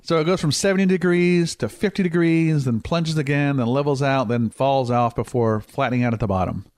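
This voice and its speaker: A man in a laid-back podcast conversation, mid-pitched and easygoing. He keeps slipping puns into his explanations and chuckles at his own jokes. The sound is dry, with no room echo. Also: a little fast, a little mellow. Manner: joking, cheese puns, laughs easily. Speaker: podcast host. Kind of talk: casual podcast chat.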